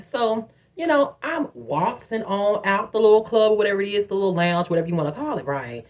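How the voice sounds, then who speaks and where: A young woman tells a story in a casual vlog. She is animated and profane, and she acts out quotes in a higher voice. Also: quick pace. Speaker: vlogger telling a story.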